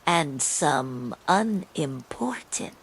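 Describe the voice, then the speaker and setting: A woman narrating a bedtime story in a slow, calm manner. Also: deep voice, breathy edge, low-quality recording.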